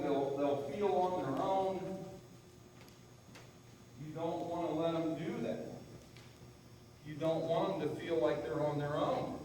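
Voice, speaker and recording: A man working as a horse trainer, calmly explaining to viewers while soothing a horse in an arena. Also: fairly high pitch. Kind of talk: training demonstration with commentary. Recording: echoey, distant from the mic, with faint noise.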